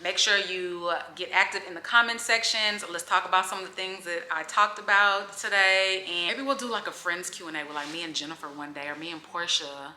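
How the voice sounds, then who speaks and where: A woman's voice: on the low side, steady tone, brisk, hardly any pauses, pushed and bright, slight background noise. A woman in her forties, a vlogger chatting candidly to camera in a casual Q&A, open and emotional. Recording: echoey room with faint music.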